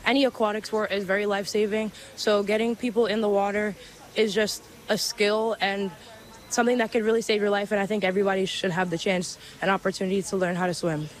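A woman's voice: mid-range voice, little pitch movement, fast talker. A teenage woman from Belize, an athlete out of breath, giving a casual post-race interview with plenty of fillers. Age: late teens.

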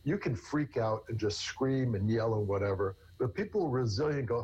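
A man's voice: mid-range voice, animated, a little fast, darkish tone, slightly rough. A man, a therapist, answering interview questions at length in a rambling way, often restarting with repeated words. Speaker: therapist guest. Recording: dull lo-fi recording.

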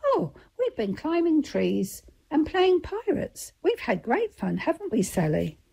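Cheerful, adventurous old great-uncle from a storybook, hearty and mellow, read by a woman. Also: high voice, wildly swooping pitch, unhurried, vocal fry, pitched above the performer's own voice, full character voice. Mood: jolly.

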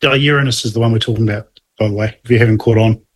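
A man's voice: lowish voice, steady tone, rapid-fire. A man, co-hosting a casual science chat, explaining at length with restarts and asides. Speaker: podcast co-host explaining astronomy.

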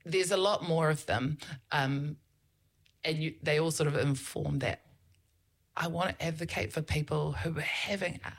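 A woman's voice: low-pitched, moderate pace, gravelly. A middle-aged New Zealand woman, a politician talking as a podcast guest, telling stories in an earnest, advocating way. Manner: uses loose fillers and restarts. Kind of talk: casual interview talk.

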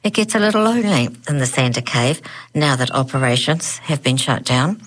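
A gloomy, tired old Santa, as a woman reading the story puts him on. He talks in a lackadaisical, sighing way, with a low voice and no drive left in him. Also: a little fast. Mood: weary. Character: gloomy weary former Santa man.

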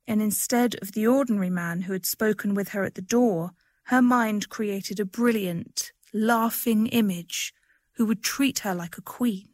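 Expressive woman reading a story aloud. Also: mid-range voice, measured pace, no echo, studio quality. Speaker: reader. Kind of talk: audiobook narration.

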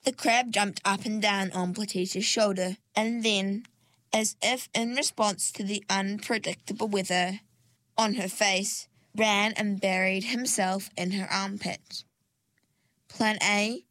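Slow, calm woman reading a storybook. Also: mid-range voice, dry recording. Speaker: reader. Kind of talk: storybook narration.

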